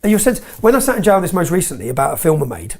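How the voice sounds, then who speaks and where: Brief: blunt man, gravelly voice, swears freely, interview guest. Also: fairly high pitch, big pitch swings, very fast, a little mellow. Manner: blunt, swearing, checks in with "yeah?". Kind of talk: emphatic interview storytelling.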